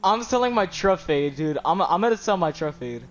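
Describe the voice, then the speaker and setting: A young man chatting excitedly with friends while gaming, laughing constantly and shrieking when excited. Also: sits high, a little fast. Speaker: gaming streamer.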